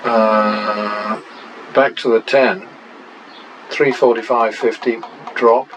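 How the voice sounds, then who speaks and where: A man's voice: on the low side, steady tone, slow pace, background noise. A man and channel host talking through practice casino betting, muttering running tallies with wry exclamations.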